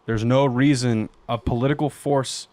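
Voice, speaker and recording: A man's voice: mid-range voice, fairly even intonation, moderate pace, darkish tone, dry recording. A man playing a tabletop game, joking and teasing the game master in casual chat. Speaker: player.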